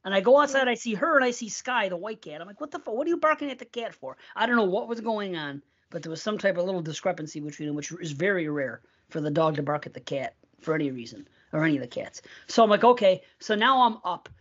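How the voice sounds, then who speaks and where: A man's voice: high voice, lively intonation, fast, few pauses, fairly bright tone. A middle-aged man co-hosting a podcast, telling a long, profane, rambling story in casual chat. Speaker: podcast co-host. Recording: dull lo-fi sound.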